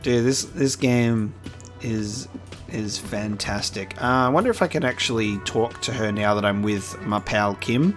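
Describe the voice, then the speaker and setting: A man's voice: on the low side, unhurried, soft background music. A man, joking and reading game dialogue aloud in a let's play. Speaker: gaming streamer.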